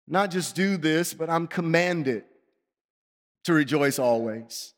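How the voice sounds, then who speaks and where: A male pastor preaching a sermon, impassioned, swinging from pleading outbursts to hushed, earnest tones. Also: fairly high pitch, a little slow, big-room sound.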